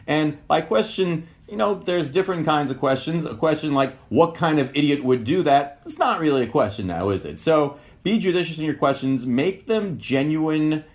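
Animated man giving advice on a video call. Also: mid-range voice. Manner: animated, acts out sample quotes in changing tones. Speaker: relationship advice speaker. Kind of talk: informal talk over video call. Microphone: video call mic.

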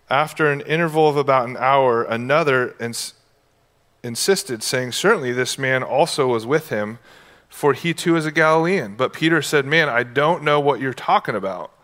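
Male pastor, slightly high and bright, forceful voice; casual, conversational sermon delivery with playful asides. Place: church.

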